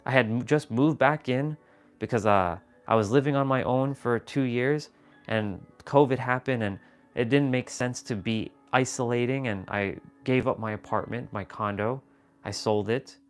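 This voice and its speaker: A man hosting a livestream from a room at home, telling a personal story in a casual, animated and confessional way, swearing freely. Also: medium pitch, moderate pace, faint music behind. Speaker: livestream host.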